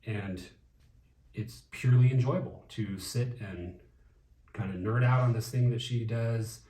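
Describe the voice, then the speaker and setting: Man vlog co-host, lowish voice, relaxed chat, distant roomy echo. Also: measured pace. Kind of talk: casual chat. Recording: echoey room, mic at a distance.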